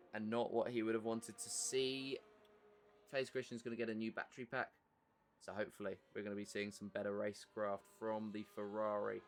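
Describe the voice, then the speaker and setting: A man's voice: medium pitch, fairly bright tone, a little hiss or hum. A man with an English accent giving live commentary on an online racing league, chatty and answering viewer messages between race updates.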